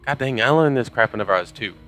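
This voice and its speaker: Guy rambling through a game w jokes, crisp bright voice, faint music under it. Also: mid-range voice, lively intonation, rapid-fire. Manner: joking, self-deprecating, rambling asides. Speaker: gamer reading game text aloud. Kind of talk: casual let's play commentary.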